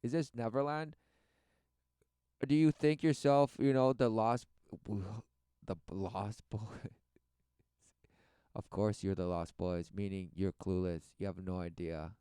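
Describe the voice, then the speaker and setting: A man giving sarcastic commentary over video footage, mocking the people he sees with quick scornful voices. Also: on the low side, warm tone, clear, resonant tone, dry recording, studio quality. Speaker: religious commentator.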